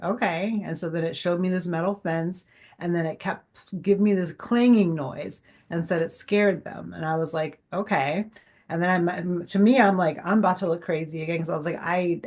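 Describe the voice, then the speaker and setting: A woman's voice: lowish voice, a little fast, a little mellow. A woman in her forties, a guest chatting casually in an interview, rambling with many fillers and acting out past conversations.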